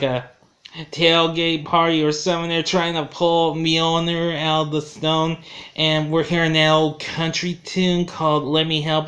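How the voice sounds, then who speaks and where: A man's voice: fairly high pitch, fairly bright tone. A man giving a casual film review, rambling and correcting himself as he goes. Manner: rambling, self-correcting, chuckles at his own slips.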